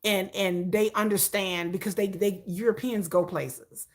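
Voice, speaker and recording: A woman hosting a casual livestream, animated and opinionated, often breaking into laughter. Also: medium pitch, unhurried. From United States. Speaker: livestream host.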